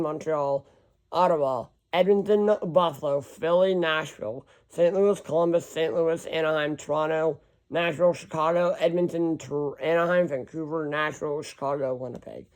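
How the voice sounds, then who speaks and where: A man with a fairly high voice thinks aloud in a loose, rambling way, reeling off lists and stopping now and then to correct himself. It sounds like a casual, unscripted chat to viewers. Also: normal speed, darkish tone. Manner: rambling, self-correcting, reading off lists of teams. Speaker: hockey vlogger.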